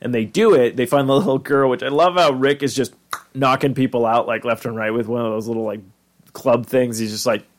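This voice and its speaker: A man's voice: mid-range voice, steady tone, brisk. A man casually recapping a cartoon episode, rambling and chatty, full of fillers and acted-out quotes.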